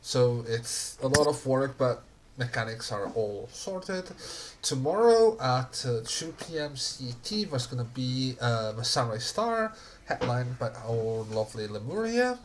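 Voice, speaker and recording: A slow-paced host closes out a casual streamed chat, leaning on fillers as they go. The mic is noisy, with audible clicks. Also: mid-range voice. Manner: relaxed, hesitant with many fillers.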